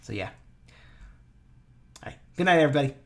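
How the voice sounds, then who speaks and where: A man's voice: on the high side, expressive, brisk. Brief: male streamer, casual rambling chat, self-correcting, chuckles, voice-chat mic. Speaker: streamer and player. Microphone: push-to-talk voice chat mic.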